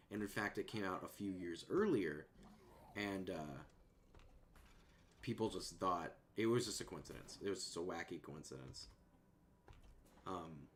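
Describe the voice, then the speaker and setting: Laid-back low-voiced male streamer. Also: slight background noise. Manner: rambling, laid-back, trails off softly. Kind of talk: casual chat.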